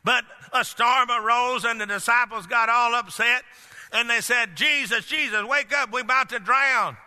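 A male pastor with a high, ringing voice that is very bright and sharp preaches emphatically, mixing plain storytelling with forceful declarations. He moves at a moderate pace with a smooth sound, and long reverb suggests a large church sanctuary.

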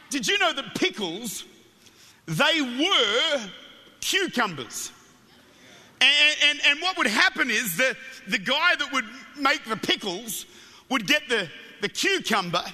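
In a big church hall with long, ringing reverb, an Australian-accented man preaches a sermon. His very high voice sounds intensely bright as he mixes humor and animation with passionate appeals that build to shouted fervor.

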